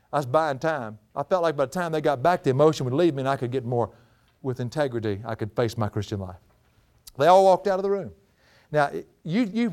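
A man's voice: a little high, a little mellow. A middle-aged man with a drawl preaching a folksy storytelling sermon, often breaking into laughter.

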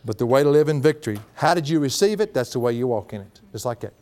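A middle-aged man preaching a sermon as a pastor, folksy and animated, laughing often. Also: mid-range voice, fast, few pauses.

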